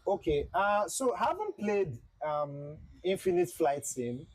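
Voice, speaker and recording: A man livestreams a flight simulator and chats with his viewers in a loose, repetitive way. His voice sits a little high and has a husky grain. The sound is close and dry, like a desk mic in a small room. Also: big pitch swings, unhurried, no echo, poor audio. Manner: chatty, repeats himself, talks to chat. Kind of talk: casual livestream commentary.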